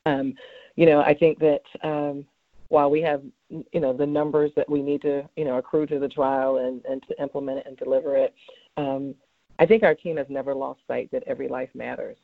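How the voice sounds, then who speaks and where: A man's voice: medium pitch, little pitch movement, a little fast, creaky, no room sound. A man who is a cancer researcher, answering interview questions in an earnest, heartfelt way with many fillers and restarts. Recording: tinny phone-line sound, dry.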